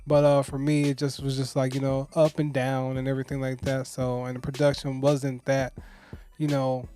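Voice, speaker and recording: A man's voice: mid-range voice, monotone, normal speed, dark tone, soft background music. A man co-hosting a podcast, giving a casual album review in a rambling way, full of "you know" and "um". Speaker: podcast co-host.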